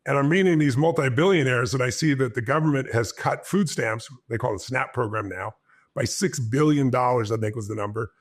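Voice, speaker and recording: A man, a guest on an interview show, telling a personal story with animated energy and acting out his own past lines. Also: mid-range voice, a little fast, husky.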